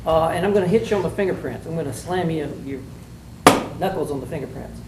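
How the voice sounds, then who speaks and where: A man's voice: a little high, quick pace. Folksy man giving blunt courtroom critique. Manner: folksy, blunt, joking, animated coaching. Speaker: judge critiquing mock trial students. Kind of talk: spoken critique to students. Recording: echoey room, mic far off, faint noise.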